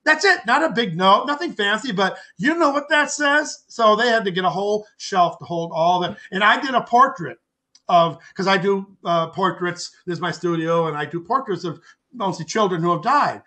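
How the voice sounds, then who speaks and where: High, bright-voiced older man telling stories. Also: moderate pace. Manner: rambling, with restarts and repeated words; acts out quoted speech with lively voices. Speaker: podcast guest, author and artist. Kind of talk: personal storytelling in conversation.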